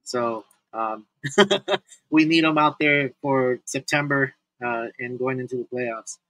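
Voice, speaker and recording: A man's voice: mid-range voice, slow, fairly bright tone, no echo, low-quality recording. A man co-hosting a casual fantasy baseball podcast, laughing often and restarting his sentences. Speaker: podcast co-host. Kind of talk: casual sports chat.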